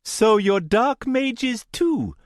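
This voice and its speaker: A man's voice: very high voice, big pitch swings, drawn-out words, no echo, clean studio sound, voice pushed up, heavily acted. A male narrator voicing an agitated young man who throws out accusing, incredulous questions.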